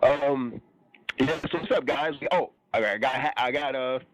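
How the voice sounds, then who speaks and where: A man's voice: medium pitch, moderate pace, a bit bright, no room sound. A man hosting a casual gaming podcast, laughing often and talking loosely. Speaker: podcast host. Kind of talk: casual chat.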